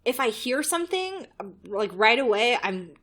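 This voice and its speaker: A woman's voice: on the high side, sing-song, normal speed, fairly bright tone. A young woman co-hosting a podcast, chatting casually and laughing often. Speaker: podcast co-host. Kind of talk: casual chat.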